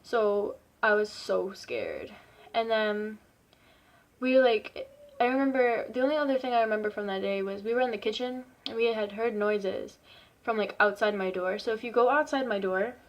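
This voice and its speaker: A woman's voice: medium pitch, animated, moderate pace, muffled recording. A young woman vlogger telling a story in a casual, rambling way, full of "like" and swearing. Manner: chatty, rambling, swears freely, lots of "like".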